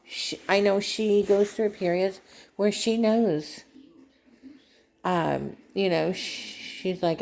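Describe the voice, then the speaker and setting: A woman speaks slowly and haltingly to her viewers, with a gravelly, creaky edge to her voice. She sounds tearful and fights to keep from crying. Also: medium pitch, darkish tone. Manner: halting, emotional, trying not to cry. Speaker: vlogger. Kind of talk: personal vlog talk.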